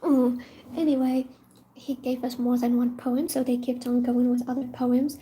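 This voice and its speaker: Young woman, non-native English, high mellow voice, chatty rambling storyteller with whispered asides. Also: moderate pace. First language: not English. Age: young adult. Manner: rambling, animated, dips into whispers. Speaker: university student vlogger. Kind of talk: casual storytime chat.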